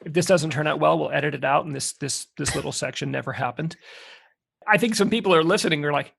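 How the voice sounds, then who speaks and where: A man with a rather high voice that is heavily gravelly and husky, hosting a casual podcast chat. He puts his questions to his guests in a playful, animated way. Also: fast. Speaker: podcast host.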